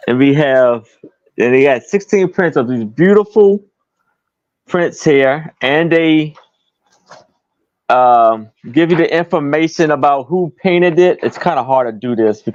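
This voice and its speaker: A man's voice: a little high, expressive, measured pace, dry recording, muffled recording. A man selling items on a live stream, describing them plainly with hesitations. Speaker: guest seller. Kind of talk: casual sales pitch.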